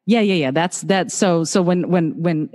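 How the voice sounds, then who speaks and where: A woman's voice: lowish voice, darkish tone. Woman host with hall reverb. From former Soviet Union. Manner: halting, repeats words while thinking. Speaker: podcast host. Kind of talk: casual interview chat.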